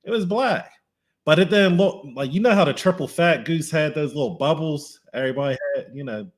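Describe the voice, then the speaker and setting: A co-host from the Pittsburgh area in the United States chats casually over a video call, joking and poking fun at himself in a laid-back way. His voice is a little high, animated and brisk.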